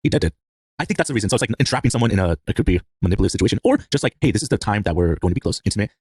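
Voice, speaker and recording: Male podcast co-host, rapid-fire delivery, husky tone, playful bits. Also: expressive, a little mellow, no room sound, studio quality. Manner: joking, jumps into sudden high silly voices. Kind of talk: casual chat.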